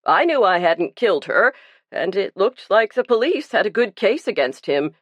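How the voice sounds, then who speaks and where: A woman's voice: medium pitch, big pitch swings, normal speed, no echo. A woman reading the part of a guilt-ridden, burly male pastor who confesses earnestly and pleads for himself. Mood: pleading.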